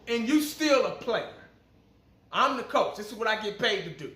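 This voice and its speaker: A high-pitched, bright-toned man hosts casual fan commentary. He talks bluntly and profanely, getting fired up. The sound carries an echoey room around him. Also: lively intonation, normal speed. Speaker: fan channel host.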